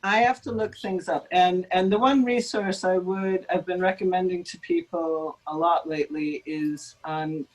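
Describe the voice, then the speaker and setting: A woman speaks as a linguist guest in a relaxed interview. She is chatty and self-deprecating and fills her pauses with ums. The sound is that of a video call. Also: on the low side, rough recording. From United States. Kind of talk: conversational interview.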